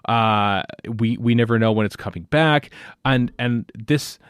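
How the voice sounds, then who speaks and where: A man's voice: mid-range voice, unhurried, smooth, no echo, studio quality. A man hosting a podcast in casual chat, talking in a rambling way with many restarts and fillers. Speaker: podcast host.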